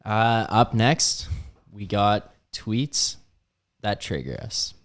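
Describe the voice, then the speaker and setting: A man with a fairly low voice, producing a sports betting podcast. He chats plainly, introduces the next segment and adds comments to the hosts' talk. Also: lively intonation, drawn-out words, slight background noise. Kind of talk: casual chat.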